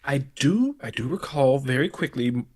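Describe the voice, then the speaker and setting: A man's voice: medium pitch, animated, normal speed, darkish tone, husky. A man playing a tabletop game, talking through his moves hesitantly, thinking aloud. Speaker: player.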